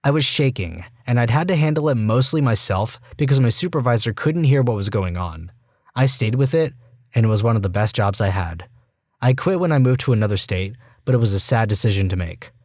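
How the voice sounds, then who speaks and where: A man reading reddit stories aloud in an even, steady voice. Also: mid-range voice, fairly quick, no echo, studio quality. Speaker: reddit story narrator.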